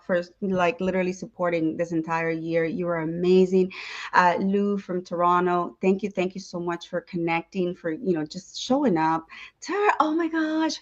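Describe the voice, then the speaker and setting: A woman hosting a lively livestream chat, energetic and playful, greeting viewers. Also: lowish voice, muffled recording. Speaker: host.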